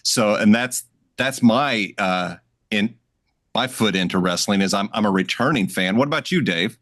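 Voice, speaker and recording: Podcast host, man, low voice, relaxed and easy laughing, dry close mic. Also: moderate pace, no room sound. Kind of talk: casual podcast chat.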